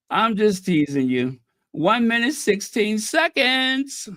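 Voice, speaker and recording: A man chats on a livestream in a high voice, unhurried but easily excited. He greets viewers by name and laughs often, and the sound is dry and close, with no room echo. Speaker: livestream host. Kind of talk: casual live-stream chat.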